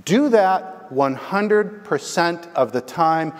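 A man's voice: fairly high pitch, lively intonation, slow. A man preaching a sermon as the pastor, telling a story and asking the congregation "right?". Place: church. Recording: long hall reverb.

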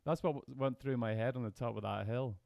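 A man's voice: medium pitch, fairly quick, gravelly, a little mellow, dry recording. Chatty male podcast host, dry sound. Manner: chatty, laughs easily, swears casually. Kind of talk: casual interview chat.

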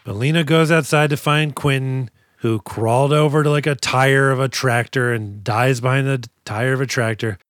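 A man co-hosting a podcast, recapping a movie in casual chat, animated and profane as he acts out scenes. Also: medium pitch, normal speed, dry recording, clean studio sound. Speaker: podcast co-host.

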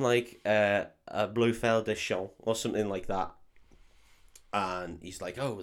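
A man casually recapping a film plot, sweary and animated, laughing often. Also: on the low side. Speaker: podcast co-host recapping a film. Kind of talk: casual chat.

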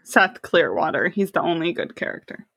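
A woman's voice: on the low side, big pitch swings, moderate pace, vocal fry, fairly bright tone, breathy edge, no room sound. A woman co-hosting a podcast, teasing and wry in casual chat. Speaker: podcast co-host.

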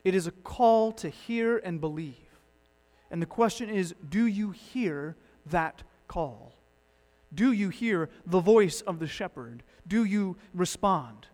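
A man preaching a sermon as pastor, swinging between loud emphatic lines and hushed ones. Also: high voice, lively intonation, slow pace. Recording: long hall reverb.

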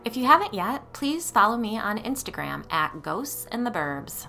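A woman podcast host narrating a first-person ghost story in a steady, measured reading. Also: fairly high pitch, creaky, faint music behind.

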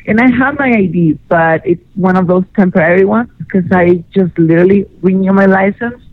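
A woman's voice: medium pitch, fairly quick, no room sound. A woman calling in to a radio show, chatting in a flirtatious, rambling way. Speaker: caller. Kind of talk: casual phone chat. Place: Los Angeles. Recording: tinny dry phone line.

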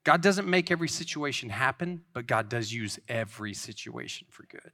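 A man's voice: mid-range voice, animated, normal speed, sharp tone. A man in his thirties giving an informal, earnest sermon, rambling with many restarts.

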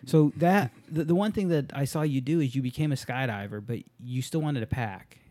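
A man with a mellow, darker tone hosts a casual chat, talking loosely in bursts and swearing freely. His voice sits in a middle range. The recording is dry and close. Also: mid-range voice, a little fast, no room sound. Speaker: podcast host, skydiving instructor.

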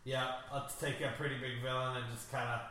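Playful movie commentary co-host, bright lively delivery, echoey room. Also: medium pitch, brisk. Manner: playful, laughs often. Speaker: podcast co-host. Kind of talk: casual movie commentary chat.

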